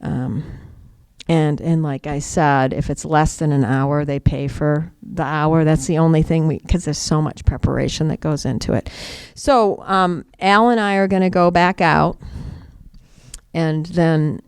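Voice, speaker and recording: Woman mediator-trainer, casual teaching tone, laughs a lot, mimics quoted voices, smooth resonant sound, dry close recording. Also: low-pitched, steady tone, a little slow, darkish tone, no room sound. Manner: chatty, laughs often, acts out quoted voices. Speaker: restorative justice mediator and trainer.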